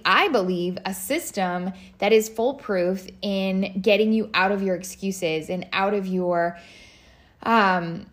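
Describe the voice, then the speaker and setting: A woman in her thirties hosting a podcast, chatting casually with lots of fillers and restarts. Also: mid-range voice. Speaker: podcast host. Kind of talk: casual solo podcast talk.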